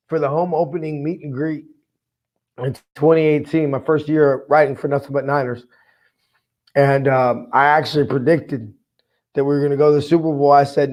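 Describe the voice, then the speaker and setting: A man hosting a fan sports podcast, talking casually and excitedly, reading viewer comments aloud. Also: on the high side. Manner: excitable, hyped, emotional.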